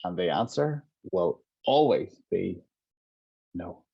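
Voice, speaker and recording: A man's voice: sits low, lively intonation, slow, gravelly, slightly rough. A middle-aged man as an interview guest, reflectively walking through examples of how a practitioner works with someone's anger. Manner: reflective, walks through examples with hypothetical dialogue. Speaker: guest, compassionate inquiry practitioner. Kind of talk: explanatory interview talk. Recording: dull lo-fi audio.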